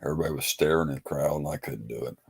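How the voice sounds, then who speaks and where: This livestream host has a gravelly bass voice, slightly rough, and he talks very fast. Even so, his casual chat is rambling, folksy and laid-back.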